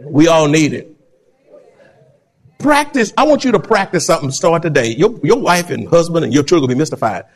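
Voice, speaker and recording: A man preaching a sermon, animated and laughing often, swinging between loud and soft. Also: a little high, a little fast. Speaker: pastor.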